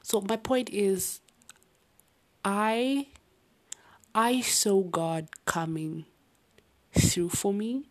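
A young woman with an accent, rambling about her life late at night in a soft, often half-whispered voice with sighs and restarts. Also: mid-range voice, drawn-out words, pauses often. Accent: unnamed non-native-sounding accent. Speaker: vlogger.

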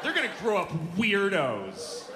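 A man's voice: high-pitched, huge pitch swings, unhurried, background noise. Exasperated profane stand-up comedian, man. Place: theater stage. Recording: echoey theater, audience laughter.

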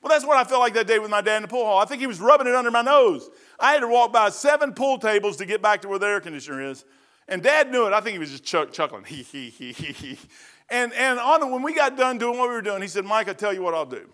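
High, bright-voiced preacher. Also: male voice, animated, fast. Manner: folksy, rambling, swings from loud to hushed. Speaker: pastor. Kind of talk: storytelling sermon.

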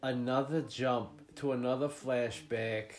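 A man's voice: mid-range voice, fairly even intonation, unhurried. A man hosting a podcast, chatting casually about a movie while he watches it, swearing often and mocking the plot. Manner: profane, joking, mocking the plot. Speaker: podcast host.

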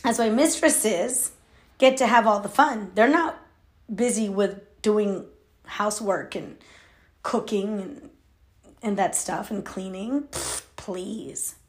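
A woman's voice: medium pitch, takes it slowly. A woman in her thirties talking candidly to her viewers in a confiding, emphatic way, laughing between thoughts. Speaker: vlogger. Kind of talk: candid personal talk to camera.

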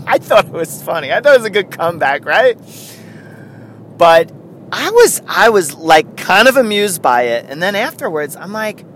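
Chatty podcast host with a lively voice. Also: male voice, fairly high pitch, moderate pace, slight background noise. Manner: rambling, self-interrupting, chuckling. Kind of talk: casual solo chat.

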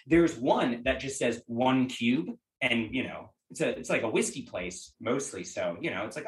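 A man's voice: medium pitch, lively intonation, moderate pace, hardly any pauses, roomy sound, low-quality recording. A man co-hosting a podcast, chatting casually about movies with rambling, laugh-filled storytelling. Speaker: podcast co-host.

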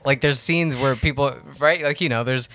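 Bright-voiced man hosting a rambling movie chat. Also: mid-range voice. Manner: rambling, laughs often, quick tangents. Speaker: podcast host. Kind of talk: casual movie-discussion chat.

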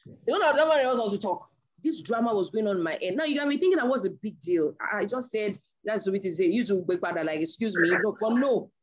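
A woman's voice: mid-range voice, fast. A woman preaching a sermon, telling a story from her own marriage and acting out the voices in it. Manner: animated storyteller acting out dialogue.

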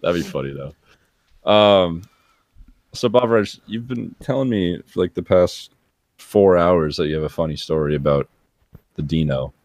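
A young man hosting a casual podcast, teasing his friend, laughing loudly and swearing. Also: sits low, a little slow, pauses often, dry recording, clean studio sound. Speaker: podcast host. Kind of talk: casual chat.

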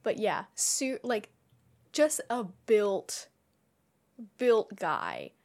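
A woman guest on a podcast, riffing through ideas in a casual chat. She talks slowly and rambles, stacking up filler words as she thinks out loud. Her pitch sits in the middle range. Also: huge pitch swings.

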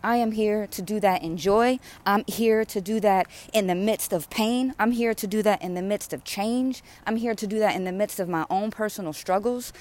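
A woman's voice: mid-range voice, normal speed, hardly any pauses, darkish tone. Fervent woman preaching a prayer. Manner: repetitive, rhythmic, fervent preaching. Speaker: spiritual speaker. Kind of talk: impassioned prayer sermon.

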